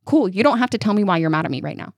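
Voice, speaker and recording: A woman in her thirties co-hosting a podcast, telling stories in a lively way and acting out what people said. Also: medium pitch, very fast, no room sound, clean studio sound. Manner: animated storytelling, acting out quotes. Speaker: podcast co-host. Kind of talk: casual chat.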